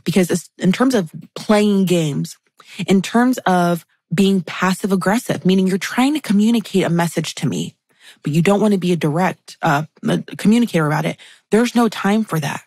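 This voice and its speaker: A woman guest on a podcast, explaining friendship dynamics in a lively conversational way and acting out quoted remarks. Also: on the low side, normal speed, dry recording. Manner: animated, acts out catty quotes.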